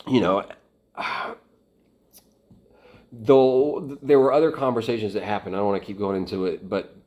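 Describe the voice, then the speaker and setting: A man from Atlanta telling a story in a casual, rambling way, with many halting restarts. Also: on the low side. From Atlanta, United States. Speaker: volunteer fighter recounting experience.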